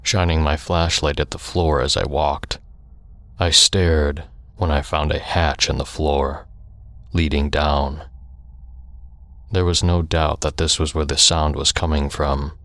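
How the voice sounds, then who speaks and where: A man with an extremely deep, low voice reads a first-person horror story. His delivery is flat, even, steady, and hushed, with no room sound.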